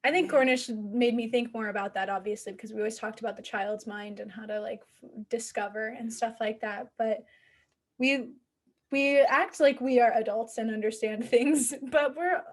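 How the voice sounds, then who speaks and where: Higher-voiced young woman podcast host. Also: steady tone, moderate pace. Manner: laughs often, chatty and musing. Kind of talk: casual chat.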